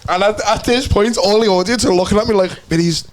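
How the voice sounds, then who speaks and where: A man's voice: sits high, fast. A young man, a podcast co-host and stand-up comedian, telling a story casually with lots of swearing, laughter and acted-out quotes. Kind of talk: casual chat. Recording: noisy podcast recording.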